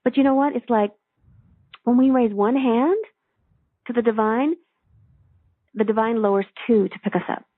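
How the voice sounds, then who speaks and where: A woman's voice: a little high, fairly even intonation, no room sound. A woman spiritual teacher telling a story and leading a guided meditation, speaking earnestly and soothingly over a phone line. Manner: earnest, soothing, slow when guiding. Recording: tinny phone line, dry.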